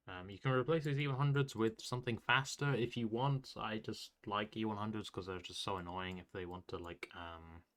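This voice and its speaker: A man with a lowish voice and a bright, forward tone walks through game strategy in a relaxed, unscripted way. His talk is loose and rambling, and he keeps correcting himself mid-thought. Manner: loose and rambling, full of fillers and self-corrections. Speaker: game strategy guide creator. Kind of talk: casual explanation of game tactics.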